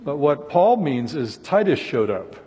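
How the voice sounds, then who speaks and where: A man's voice: fairly high pitch, very animated, measured pace, warm tone, breathy edge. A male preacher giving an earnest sermon, voicing scripture laments with rising intensity. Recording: long hall reverb.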